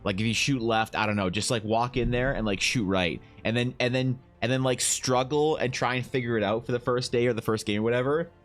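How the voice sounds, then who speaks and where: Speaking a little fast with hardly any pauses, a man draws on stream while soft music plays. He reads his viewers' messages and keeps the casual chat light, joking and teasing with swings in pitch.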